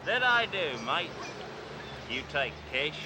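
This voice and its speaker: An actor playing a cop who poses as a boastful, brash rich Australian car dealer, with a hammy put-on Australian accent and heavy slang. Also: male voice, on the high side, big pitch swings, slow, noisy background, voice pushed up. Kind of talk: 1980s sitcom acting.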